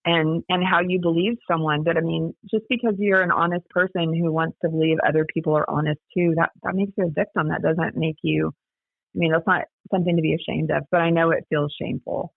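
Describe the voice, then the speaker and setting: A woman's voice: low voice, fairly even intonation, brisk, vocal fry, no echo. A woman guest telling her story in a chatty, casual way, full of "like" and "you know", heard over a remote call. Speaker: guest, daughter of a scam victim. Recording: tinny phone-line sound.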